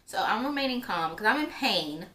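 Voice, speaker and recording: A woman's voice: mid-range voice, lively intonation, normal speed, a bit bright. A young woman telling a personal story in a casual, chatty way, with lots of filler words. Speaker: vlogger. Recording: roomy echo, faint background noise.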